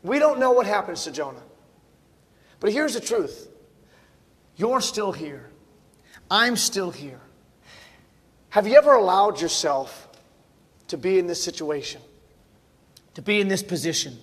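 A man preaching a sermon in a church, fervent and repetitive, building to near-shouting at its peaks. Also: high-pitched, lively intonation, normal speed, long pauses, slightly rough. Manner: fervent, repeats words, rises to near-shouting. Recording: long reverb of a large hall.

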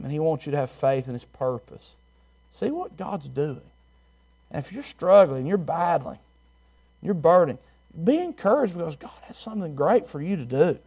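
Middle-aged male pastor, higher register, impassioned sermon delivery with hushed moments. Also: creaky. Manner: impassioned preaching, swinging from loud to hushed.

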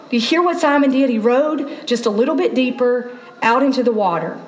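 A woman pastor preaching a sermon in a chatty, animated storytelling way, acting out voices in her asides. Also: on the high side, reverberant, rough recording.

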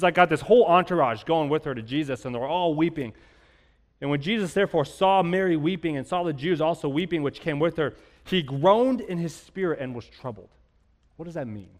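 Man, pastor, sermon, high-pitched voice, fervent repeated declarations, long hall reverb. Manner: builds from quiet explanation to fervent, repeated declarations.

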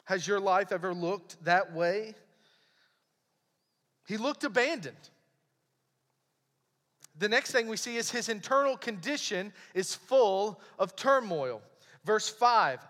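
A man preaching a sermon, reading scripture and explaining it in an earnest, emphatic way with dramatic pauses. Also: high-pitched, animated, a bit bright. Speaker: pastor. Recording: long hall reverb.

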